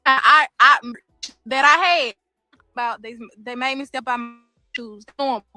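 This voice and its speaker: An upset woman with a high, bright voice recounts visiting her brother in prison, speaking at a measured pace and acting out the dialogue in a casual first-person story. She's outdoors near the prison, and there's no echo.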